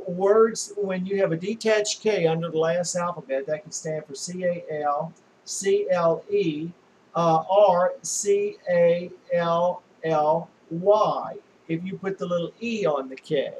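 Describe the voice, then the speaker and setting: A man giving a demonstration lesson on shorthand, talking slowly and patiently, often spelling words out letter by letter, with frequent pauses and restarts. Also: a little high, a little mellow, slight background noise, poor audio. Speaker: shorthand teacher.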